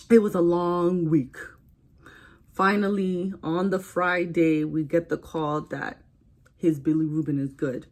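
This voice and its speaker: A young woman talks to camera in a casual storytime while getting ready, chatty and animated. Her voice sits a little low, and she often slips into quoted voices. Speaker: vlogger.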